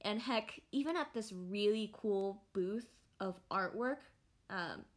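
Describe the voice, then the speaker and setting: A young adult woman hosting a casual podcast, talking in a rambling, animated way with many fillers and restarts. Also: mid-range voice, slow. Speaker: podcast host. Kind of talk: casual solo podcast chat.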